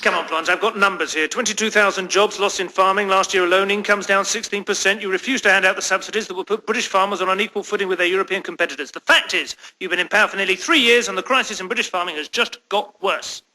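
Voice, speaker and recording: An actor playing a pompous, sardonic newsreader in a radio news spoof. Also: male voice, high voice, fairly even intonation, fast talker, few pauses, pushed and bright. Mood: smug. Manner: pompous, sardonic, self-satisfied delivery. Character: pompous, inattentive male news anchor Richard Richard.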